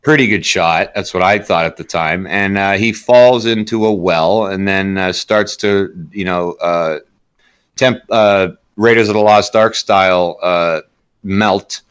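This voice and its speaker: A man co-hosting a film podcast, recapping plots in a halting way with dry jokes. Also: low-pitched, a bit bright, clean tone, lo-fi sound. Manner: halting, many fillers and restarts, dry jokes. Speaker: podcast co-host. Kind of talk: casual film review chat.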